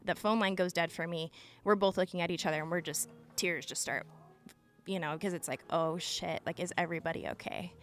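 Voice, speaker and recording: A woman's voice: fairly low pitch, a little fast, faint music behind. A woman in her thirties from Utah, a former emergency dispatcher, earnestly recounting a tense story as a podcast guest, with frequent "like" fillers. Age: 30s. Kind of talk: personal storytelling in a podcast interview.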